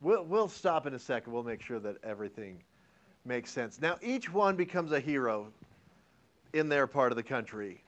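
A man's voice: mid-range voice, normal speed, muffled recording. A male history teacher lecturing a classroom, joking around and quizzing his students as he goes. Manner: animated, joking, and asks the class questions.

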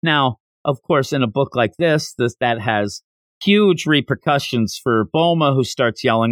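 A man's voice: medium pitch, a little slow, dry recording. A man hosting a manga review podcast, chatting casually as he recaps the plot with wry jokes. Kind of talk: casual solo review chat.

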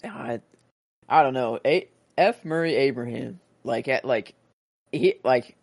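A man's voice: mid-range voice, animated, unhurried, darkish tone, no room sound. A man co-hosting a podcast, talking casually and ramblingly about a film, full of fillers and restarts. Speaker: podcast co-host.

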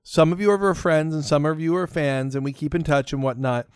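A man's voice: on the high side, fairly quick, smooth, no echo, clean studio sound. A man co-hosting a podcast in casual chat, rambling and playful. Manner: rambling and playful, laughs often. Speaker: podcast co-host.

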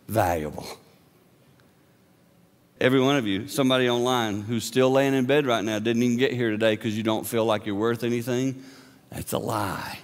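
A man preaching a sermon in an impassioned way, moving between booming lines and hushed asides. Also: big-room sound. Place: church sanctuary.

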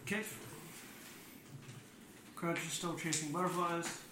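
Male player, quick jokes, somewhat high voice, echoey room, a little off-mic. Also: little pitch movement. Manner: joking, quick quips. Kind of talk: casual tabletop game chat. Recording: echoey room, distant mic, background noise.

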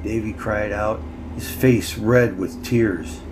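A man narrating a story with a measured, reflective telling. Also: on the low side, fairly even intonation, slight background noise, rough recording.

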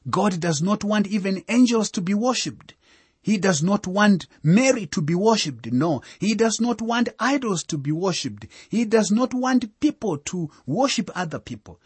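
Slow, husky-voiced male preacher. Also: a little high, no echo. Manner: measured, emphatic preaching with rising and falling emphasis. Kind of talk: sermon.

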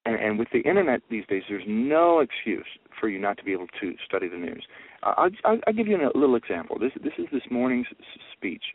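A man telling a story as a radio interview guest, animated and acting out the conversations he quotes. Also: mid-range voice, fast, dry recording. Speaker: guest, news reporter and publicity author. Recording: phone-line radio audio.

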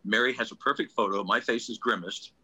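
A man, a ventriloquist guest, telling anecdotes in a casual, animated way, often restarting his sentences. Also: lowish voice, fast, breathy edge, low-quality recording. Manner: animated storyteller, restarts often, acts out quotes.

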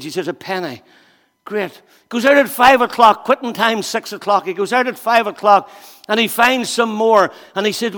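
Male preacher, high bright voice; storyteller who drops to asides and then bursts out loud. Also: long reverb tail. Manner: storytelling with acted-out voices, swings between quiet asides and loud emphatic bursts. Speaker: pastor. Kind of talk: sermon.

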